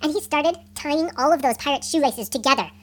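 A woman telling an improvised bedtime story in an animated way, asking her listeners questions. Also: high-pitched, fairly quick.

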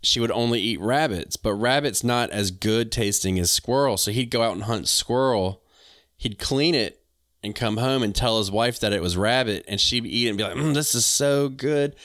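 A man's voice: fairly low pitch, moderate pace, a bit bright, no echo, studio quality. A man, co-hosting a casual chat and telling stories with a joking manner. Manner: joking storyteller, drawls out quoted voices. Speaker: podcast co-host.

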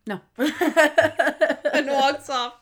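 Animated young woman retelling scenes. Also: medium pitch, normal speed. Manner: animated, acts out scenes in quoted voices, laughs often. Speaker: podcast co-host. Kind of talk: casual chat recapping a TV episode.

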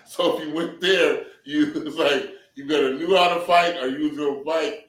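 A man's voice: fairly high pitch, fairly even intonation, normal speed, fairly bright tone. A middle-aged man from San Diego telling loose, laughing, profanity-laced stories as a guest in a casual interview. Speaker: comedian and actor guest. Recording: roomy sound from a distant mic.

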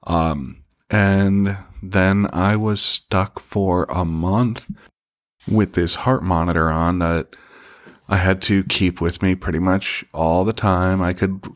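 Deep-voiced man telling a candid story. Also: fairly even intonation, slow. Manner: candid, joking, swears freely. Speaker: podcast host. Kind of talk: casual personal storytelling.

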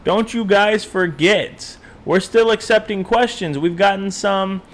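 A man's voice: high voice, unhurried. A young man co-hosting a casual podcast, laid-back and swearing often. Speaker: podcast co-host. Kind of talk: casual chat.

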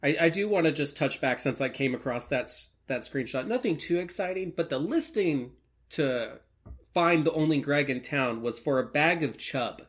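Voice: medium pitch, lively intonation, normal speed. A co-host on a comedy podcast, telling rambling stories and laughing along. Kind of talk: casual comedic chat.

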